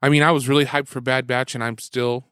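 A man's voice: mid-range voice, level tone, brisk, bright, forceful tone, clear, resonant tone, no room sound, studio quality. A man hosting a casual podcast, upbeat and keeping the conversation moving along.

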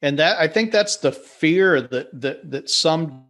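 A man's voice: on the high side, lively intonation, slow pace, a bit bright. A man co-hosting a podcast, chatting casually with self-deprecating jokes and a rambling, easygoing manner. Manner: rambling, self-deprecating, many fillers and restarts. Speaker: podcast co-host. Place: wife's office.

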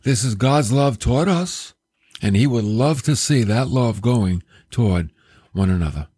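A man preaching a sermon, telling stories in a lively, self-deprecating way. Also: medium pitch, unhurried, breathy edge, no room sound, studio quality. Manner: storytelling, animated, self-deprecating.

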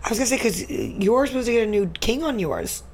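A woman's voice: on the high side, very animated, quick pace, poor audio. A young American woman co-hosting a podcast, asking curious questions in a casual, laughing chat. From United States. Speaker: podcast co-host. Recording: faint background noise.

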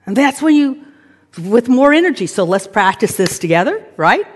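A woman preaching a lively sermon, acting out inner voices and now and then shouting commands. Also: a little high, moderate pace. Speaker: pastor. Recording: reverberant hall.

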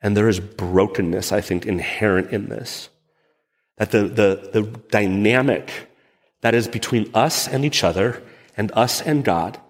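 A male pastor preaching a sermon in a lively, conversational way, with asides to the congregation. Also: fairly low pitch, long reverb tail.

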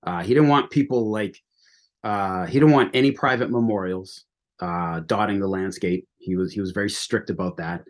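A man's voice: fairly low pitch, moderate pace. A man from the United States, a guest on a history podcast, talking with enthusiasm and many restarts. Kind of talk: conversational history interview.

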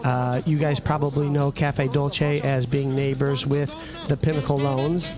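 A man's voice: medium pitch, flat delivery, measured pace, music in the background. A man co-hosting a casual podcast from a busy coffee shop, talking in a loose, rambling way with lots of fillers and restarts. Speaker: podcast co-host.

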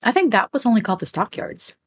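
A woman's voice: on the high side, very animated, slightly rough. Playful, teasing woman podcast co-host. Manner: playful and teasing, quick asides. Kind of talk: casual chat.

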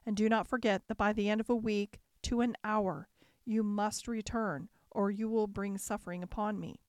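A woman voicing a gentle, lovelorn male beast in a storybook reading, speaking softly and kindly. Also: medium pitch, fairly even intonation, moderate pace, dry recording, studio quality, natural voice. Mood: grave. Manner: gentle, soft-spoken.

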